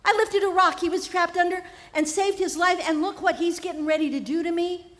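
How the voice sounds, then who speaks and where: A woman's voice: very high-pitched, fairly even intonation, fairly quick, fairly bright tone, voice pushed up. A woman playing an ordinary man who pleads anxiously for his life. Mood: pleading. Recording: live festival tent with long reverb.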